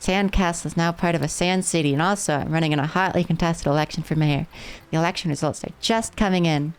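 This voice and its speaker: A woman's voice: deep voice, steady tone, fast talker, clear, resonant tone. A woman streaming a game live, chatting playfully with her viewers as she plays. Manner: playful, rambling, chats with viewers.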